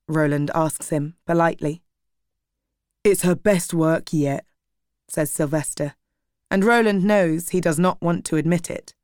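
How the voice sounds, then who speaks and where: A woman reading a novel aloud in a steady, measured audiobook style. Her voice sits fairly low, and the recording is dry and close, with no room sound. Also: clean tone, no room sound. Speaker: narrator. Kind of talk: scripted audiobook narration.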